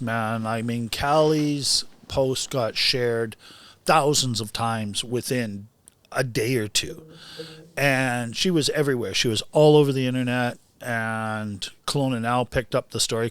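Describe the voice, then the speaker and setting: A man, a boxing trainer telling stories in a casual podcast chat, laughing often and getting animated. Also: medium pitch, a little slow, clear, resonant tone, no room sound.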